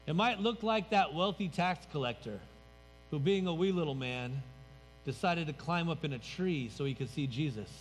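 A man's voice: on the high side, animated, normal speed, slight background noise. A man pastor preaching a sermon in a church sanctuary, conversational and emphatic, letting his voice drop at the ends of phrases. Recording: reverberant hall, faint music.

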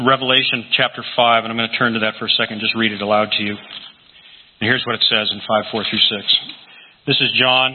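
Man, preacher, sermon, husky voice, phone-like sound, echoing hall. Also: mid-range voice, a little hiss or hum. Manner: animated storytelling, acting out scripture quotes. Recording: tinny lo-fi recording in a reverberant hall.

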